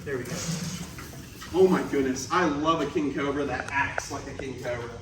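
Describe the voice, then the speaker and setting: A man's voice: medium pitch, normal speed, noisy background. A man hosting a reptile vlog at a snake facility, enthusiastic and a little out of breath. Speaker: reptile keeper and vlog host. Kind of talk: casual vlog talk to camera. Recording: roomy, from a distance, faint ambience.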